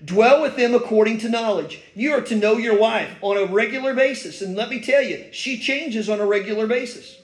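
An older male pastor with a notably high voice delivers a sermon in a roomy, echoing church. He preaches in a folksy, self-deprecating way, leaning on stories from home. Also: fairly quick, few pauses. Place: church sanctuary.

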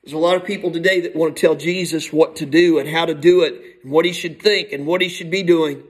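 High-voiced man preaching a sermon. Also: fairly even intonation, fast, low-quality recording. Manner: emphatic preaching, swinging from soft to shouted.

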